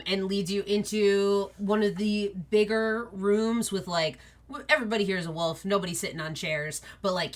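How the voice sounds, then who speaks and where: A woman's voice: medium pitch, a bit bright. A woman narrating a tabletop role-play game as game master, casual with many fillers.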